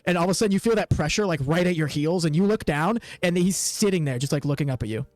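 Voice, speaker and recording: A man's voice: on the high side, fast talker, darkish tone, no echo. A man narrating as the game master of a tabletop game, casual and full of fillers.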